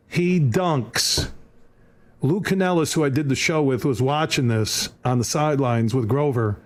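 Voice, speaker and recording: A man with a medium-pitched voice and measured pace tells an animated story on a podcast, acting out the voices of the others involved like a lively anecdote-teller.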